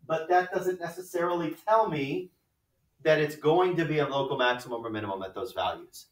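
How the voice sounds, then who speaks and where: A man teaching a math class, explaining step by step and often asking rhetorical questions like "right?". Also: a little high. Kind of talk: classroom lecture. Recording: echoey room from far off the mic.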